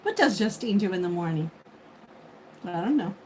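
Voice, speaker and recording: A woman in her fifties chats casually on a livestream and thanks her viewers by name. Her medium-pitched voice is expressive, her pace normal. The audio is poor, with faint background noise.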